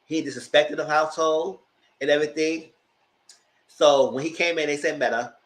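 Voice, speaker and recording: A man giving a chatty, animated recap of a TV show, talking straight to his viewers. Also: fairly high pitch, normal speed. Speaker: vlogger recapping a reality show. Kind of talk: casual commentary. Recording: roomy echo.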